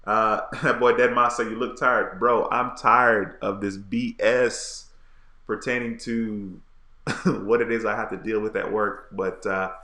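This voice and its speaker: A man's voice: fairly low pitch, fairly even intonation, a little slow, sharp tone. A man hosting a casual livestream, reading viewer comments in a laid-back, frustrated, slangy way. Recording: echoey room.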